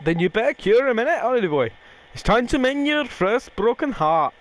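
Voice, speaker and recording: A man's voice: very high-pitched, very animated, a little fast, slight background noise, voice pushed up. A man putting on a chirpy, bossy male fairy sidekick voice, reading game dialogue aloud. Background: game music.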